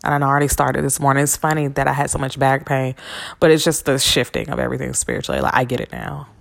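A woman's voice: a bass voice, expressive, quick pace, creaky. A woman hosting a podcast in a casual, rambling monologue, cursing freely as she encourages her listeners. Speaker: podcast host. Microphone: podcast microphone.

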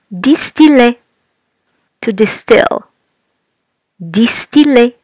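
Casting: female podcast host, language teacher, higher voice, very slow measured delivery. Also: no room sound, low-quality recording. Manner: slow, careful enunciation of each word. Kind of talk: scripted language lesson.

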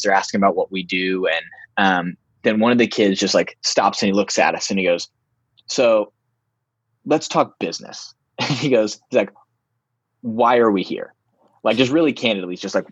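A young man telling a story in a casual, animated way, full of "like" and restarts. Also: lowish voice, fairly quick, slightly rough, dry recording, highs cut off. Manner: animated, filler-heavy, lots of "like".

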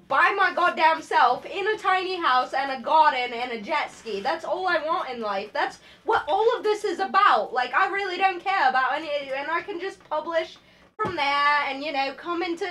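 A woman's voice: high-pitched, animated, moderate pace, pushed and bright. A woman co-hosting a podcast in casual chat, laughing and swearing freely as she talks. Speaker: podcast co-host.

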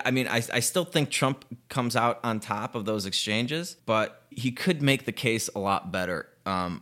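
A young man with a somewhat low voice rants about politics, swearing freely. He sounds sarcastic and exasperated, with short laughs breaking into his sentences. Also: a bit bright. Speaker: political commentator. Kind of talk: casual political rant.

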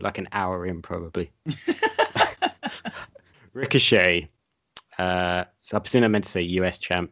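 A man with a very low voice reads a comedy script aloud in a deadpan, narrating way. He co-hosts the show. It is a dull, lo-fi recording. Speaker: podcast co-host reading a script.

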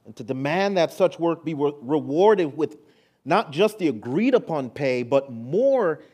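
A male pastor preaching a sermon, moving between hushed, intimate lines and rising, emphatic ones. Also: a little high, expressive, a little slow, breathy edge.

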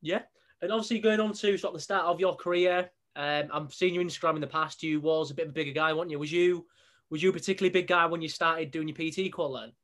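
A man's voice: on the high side, steady tone, fast, fairly bright tone. A man hosting a podcast, telling stories casually, laughing often and swearing now and then. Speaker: podcast host.

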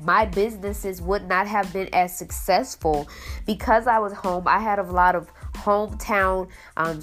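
Sniffling and near tears, a young woman podcast host gives a heartfelt testimony about her faith, leaning heavily on "like." Her voice is mid-range, bright and forceful, and her delivery is earnest and emotional.

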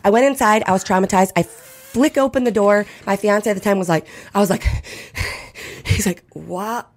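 Animated laughing woman telling a story. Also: mid-range voice, normal speed. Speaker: podcast guest. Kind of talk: casual storytelling chat.

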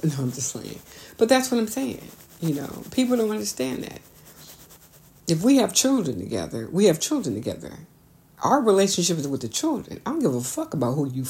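A woman talking bluntly and candidly to camera, swearing freely and jumping high in pitch when she makes a point. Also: darkish tone. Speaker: vlogger. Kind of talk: candid unscripted monologue.

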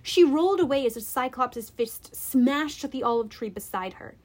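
A woman reading a first-person adventure aloud, expressive and deliberate. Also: high voice. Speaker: audiobook reader. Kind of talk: dramatic first-person storybook narration.

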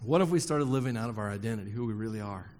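A man's voice: lowish voice, lively intonation, rapid-fire, a little mellow, big-room sound. A man preaching a sermon to a congregation, joking with the crowd and emphatically repeating key phrases. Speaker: pastor. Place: church hall before a congregation.

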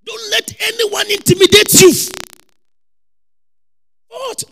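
A man preaching a lively sermon with a Ghanaian accent, repeating phrases and shouting for emphasis. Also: very high-pitched, slow, vocal fry, rough recording.

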